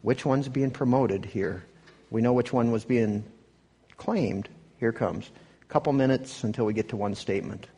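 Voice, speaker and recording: The pastor here talks through a sermon with clip commentary in a casual, self-interrupting style, regularly adding a rhetorical "right?". His mid-range voice is warm and a little breathy at a moderate pace, with a long reverb tail behind it.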